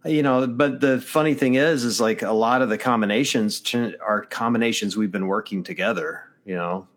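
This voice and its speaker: A man's voice: fairly low pitch, normal speed, a bit bright. A man co-hosting a casual chat, rambling with lots of fillers and hedges. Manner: rambling, hedging, many fillers.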